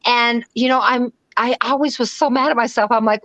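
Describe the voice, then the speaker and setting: Woman guest from the western US, high voice, animated storyteller who acts out her own thoughts; dull, dry recording. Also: moderate pace, few pauses, no room sound. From western United States (Utah, Idaho). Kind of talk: casual interview conversation.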